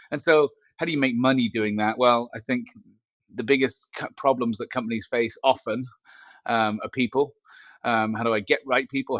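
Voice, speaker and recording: A man chatting as a podcast guest, joking and animated as he tells stories. His voice comes through a small headset mic built into his glasses, sounding dull and muffled. The audio is dry, with no room sound. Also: mid-range voice, no echo. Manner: joking, animated storytelling with asides. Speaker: podcast guest, company CEO. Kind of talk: casual podcast chat.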